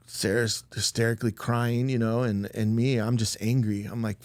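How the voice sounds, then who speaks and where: A man's voice: mid-range voice, flat delivery, moderate pace, few pauses, a little mellow, no room sound. Middle-aged guy on a podcast telling his story, rambly, says like a lot, dry close sound. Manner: rambling, emotional, peppered with "like". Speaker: podcast guest. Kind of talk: casual conversational storytelling.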